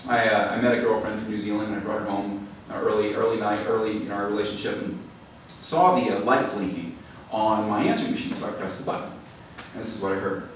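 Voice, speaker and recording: Man giving a public talk, chatty storytelling, echoey hall, mic set far off, faint hiss. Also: on the low side. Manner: chatty storytelling with frequent fillers and restarts. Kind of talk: lecture to a live audience. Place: library event hall.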